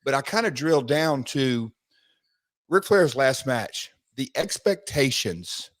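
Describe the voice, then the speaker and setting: A man, co-hosting a podcast, telling animated stories and repeating himself as he goes. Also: mid-range voice, slow, dry recording. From United States. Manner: animated storytelling, rambling with restarts. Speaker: podcast co-host, former wrestler. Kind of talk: casual podcast chat.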